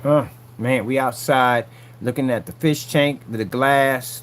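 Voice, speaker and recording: A man's voice: mid-range voice, unhurried, a little hiss or hum. A man vlogging casually from a work site, taunting a rival in a boastful, repetitive way. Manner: taunting, boastful, repeats himself. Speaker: vlogger selling projection screen paint.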